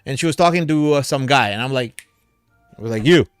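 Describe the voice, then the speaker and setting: A man's voice: mid-range voice, a little fast, smooth, no room sound, studio quality, faint music behind. A man hosting a crypto livestream in a casual, rambling way, a little tipsy from drinking, calling his viewers brother and man.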